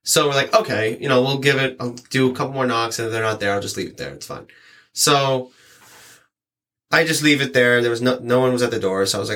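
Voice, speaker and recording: Man in casual chat, animated storyteller voicing customers' lines. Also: medium pitch, quick pace. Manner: rambling, animated, acts out quoted lines. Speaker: delivery driver sharing stories.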